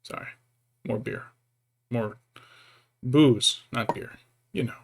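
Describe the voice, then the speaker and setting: A man's voice: medium pitch, slow pace, creaky, a little hiss or hum. Rambling, joking male streamer. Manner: rambling, self-interrupting, jokey; baby-talk to his pet between asides. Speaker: streamer painting miniatures. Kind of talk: casual live-stream chat.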